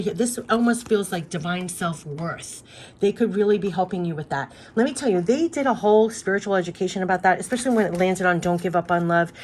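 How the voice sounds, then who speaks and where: A woman with a fairly low voice leads a spiritual oracle card reading. She talks in an effusive, emphatic way and keeps circling back to the same phrases. A faint background hiss sits under the recording.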